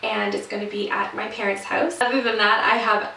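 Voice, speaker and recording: A woman's voice: medium pitch, flat delivery, fairly quick, creaky, bright, forceful tone, far from the mic. A young woman from Canada chatting casually in a vlog update, rambling with fillers and restarts. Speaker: vlogger. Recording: roomy echo, voice set back from the mic.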